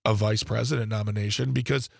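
Gravelly, husky man talking politics. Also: fairly low pitch, steady tone, fast, no echo, studio quality. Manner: conversational, with frequent restarts and asides. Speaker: political commentator. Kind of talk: casual political discussion.

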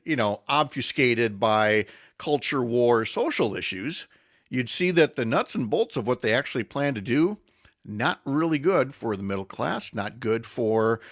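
A man's voice: mid-range voice, animated, a little slow, a bit bright, no room sound. Chatty male radio host, dry studio sound. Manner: rambling, self-correcting, chatty. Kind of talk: casual morning radio talk. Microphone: studio microphone.

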